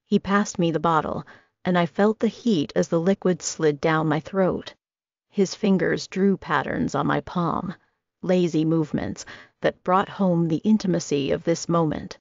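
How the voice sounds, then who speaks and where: A woman's voice: on the low side, measured pace, gravelly, no room sound. A woman narrating a romance audiobook in the first person, in an intimate, reflective way. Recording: dull lo-fi dry recording.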